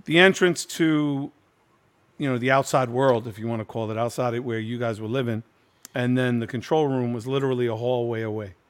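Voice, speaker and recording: A man's voice: medium pitch, steady tone, fairly quick, clear, resonant tone. A middle-aged man hosting a casual chat, telling a long story in loose street slang with plenty of swearing. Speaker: host.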